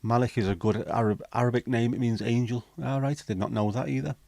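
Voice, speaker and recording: A man's voice: medium pitch, fairly even intonation, fast, gravelly, warm tone, no room sound. A man hosting a casual livestream, chatting, swearing freely and reading viewer comments aloud. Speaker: livestream host.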